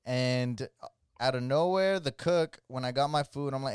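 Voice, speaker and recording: A man co-hosting a podcast, telling stories in a casual, slangy, animated way and acting out the voices of people he quotes. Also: mid-range voice, unhurried, clean tone, no echo, studio quality. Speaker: podcast co-host. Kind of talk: casual storytelling chat.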